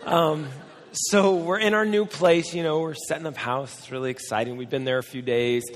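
A man's voice: on the high side, steady tone, moderate pace. A middle-aged American man, a pastor, telling a chatty, self-deprecating story in a sermon, his voice cracking now and then. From United States. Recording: long hall reverb.

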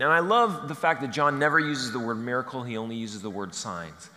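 A man's voice: medium pitch, fairly quick, sharp tone. A man preaching a conversational sermon, playful and humorous, acting out bits of dialogue. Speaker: pastor. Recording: long reverb of a large hall.

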